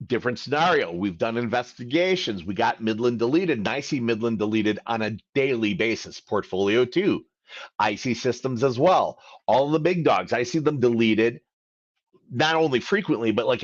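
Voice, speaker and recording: A man's voice: medium pitch, dry recording, dull audio. A man hosting a live question-and-answer session as a credit coach, talking emphatically and acting out both sides of phone calls. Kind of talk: livestream Q&A talk.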